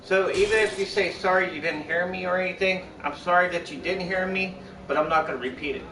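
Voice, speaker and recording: A young man with a high-sitting voice talks fast to his live-stream viewers, his intonation fairly even. His casual chat rambles, repeats, and keeps restarting. The sound is echoey and distant from the mic, with background noise.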